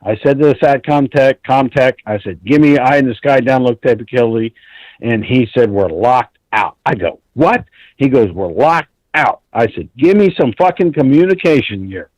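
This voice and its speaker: A man's voice: medium pitch, moderate pace, darkish tone, no echo, highs cut off. A man calling in to a talk show, telling a long story in an intense, rambling way and swearing often. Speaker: caller.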